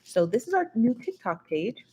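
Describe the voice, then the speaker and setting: This livestream gossip host has a fairly high, dark, slightly rough voice, very animated and at normal speed. She sits in a squeaky chair at home, talking into her device's built-in mic, laughing a lot and calling out viewers by name in a casual live chat.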